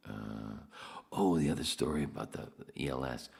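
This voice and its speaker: With a bass voice that's gravelly and a little mellow, a man hosts a podcast at normal speed. He tells loose, rambling stories in a casual way, peppered with profanity.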